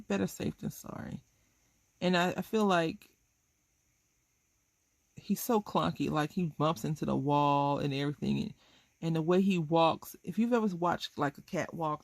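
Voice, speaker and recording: A woman's voice: low voice, vocal fry, no room sound. A woman hosting a craft video, chatting casually and rambling with amusement while she colors.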